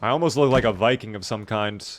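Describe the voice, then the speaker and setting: A man's voice: lowish voice, fast, a little hiss or hum. A tired young man streaming a survival game, chatting casually and thanking viewers by name. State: tired, yawning. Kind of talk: casual live-stream commentary.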